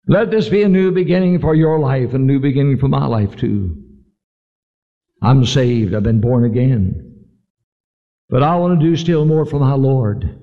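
A man's voice: mid-range voice, unhurried, pauses often. A man preaching a sermon, telling a story earnestly and then leading a heartfelt altar call. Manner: earnest, fervent storytelling, pleading invitations. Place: large church meeting hall. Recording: lo-fi live recording in a large hall.

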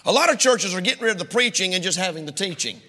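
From a church pulpit, a male pastor preaches in an emphatic, repetitive cadence, his high voice animated, fast and sharp. The sanctuary adds a long hall reverb to the recording.

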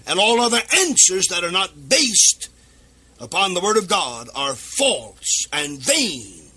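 A man delivers a radio sermon, high-pitched and piercingly bright. His husky voice swoops and climbs, breaking into sing-song cadences and shouted lines. He preaches straight into the microphone. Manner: fervent, rising to shouts and sing-song emphasis. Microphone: speaking into a microphone.

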